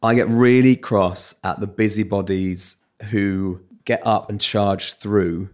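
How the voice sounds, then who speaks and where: Low-voiced British man telling candid stories. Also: slow. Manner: candid, self-mocking, lively storytelling. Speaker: radio presenter as podcast guest. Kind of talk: casual interview chat.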